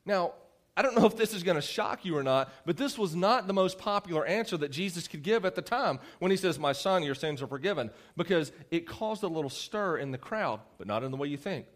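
A young man delivers a sermon in a chatty, animated way, joking with and teasing his audience. His voice sits a little on the high side for a man. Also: a little fast. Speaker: youth preacher.

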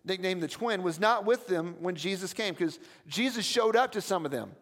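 A man's voice: high-pitched, lively intonation, normal speed, fairly bright tone, big-room sound. A man preaching a sermon as pastor, telling stories in a conversational way with asides to the congregation. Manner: storytelling, conversational with audience asides. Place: church.

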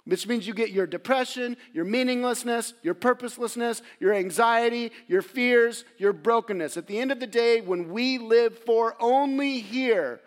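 A man preaching a sermon in a church, passionate and earnest, swinging between loud exhortation and hushed, quiet passages. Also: very high voice, moderate pace, few pauses. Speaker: pastor. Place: church sanctuary.

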